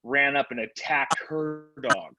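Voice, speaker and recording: A man giving a motivational sales training talk, telling animated stories about his dog. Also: medium pitch, a little slow. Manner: animated, energetic storytelling. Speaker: real estate sales trainer. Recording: slightly muffled recording.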